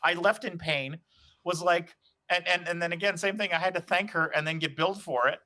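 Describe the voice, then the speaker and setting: A man co-hosting a podcast in casual chat, quick with sarcastic quips and casual swearing. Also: high-pitched, steady tone, bright, forceful tone. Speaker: podcast co-host.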